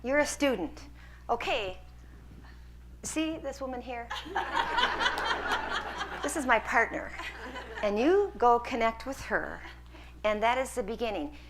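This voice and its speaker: A woman's voice: on the high side, big pitch swings, unhurried, pauses often, heavy background noise. A woman lecturer taking questions from a hall audience, earnest and encouraging as she answers. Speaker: guest lecturer.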